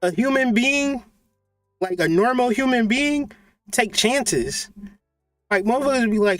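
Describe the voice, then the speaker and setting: A high-pitched man rants about spirituality with profane, mocking humor. He is animated and cuts in with sharp jabs. The sound is dry and close, with faint music underneath. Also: a little slow, no room sound. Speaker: host of a spiritual channel. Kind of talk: comedic spiritual rant.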